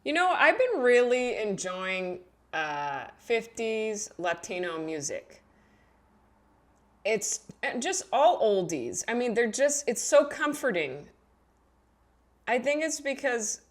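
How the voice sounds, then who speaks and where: A woman in her thirties, a comedian telling a casual comic monologue, animated and swinging between mumbled asides and shouted bits. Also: mid-range voice. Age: 30s. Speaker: comedian, podcast host.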